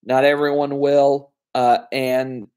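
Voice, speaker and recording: A man's voice: mid-range voice, level tone, takes it slowly, darkish tone, clean tone. A man with an ordinary mid-range voice reviews films by himself in a loose, chatty way. He wanders through his opinions with frequent fillers and little asides. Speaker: film reviewer. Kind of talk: casual solo movie review.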